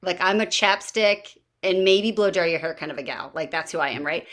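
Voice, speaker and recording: A woman hosting a casual podcast conversation, telling stories in a lively way and acting out what others said. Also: lowish voice, brisk. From Baltimore area, US. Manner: lively storyteller, acts out quotes. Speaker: podcast host.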